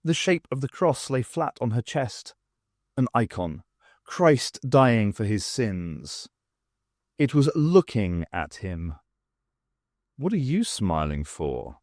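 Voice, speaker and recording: A man narrating an unabridged audiobook in a measured, dramatic reading. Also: mid-range voice, sing-song, darkish tone, dry recording, clean studio sound. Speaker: audiobook reader.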